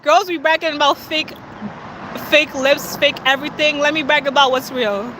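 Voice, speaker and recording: High-voiced woman going live on her phone, sassy and bragging, traffic noise all around. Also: steady tone. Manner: boastful, sassy, quick laughs. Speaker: livestreaming influencer. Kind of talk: casual livestream chat. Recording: clear outdoor traffic noise.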